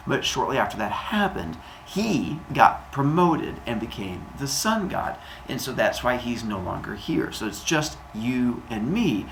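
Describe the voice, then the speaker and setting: A man voicing a mother gently comforting her son in an earnest, soothing way. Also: mid-range voice, a little hiss or hum, poor audio.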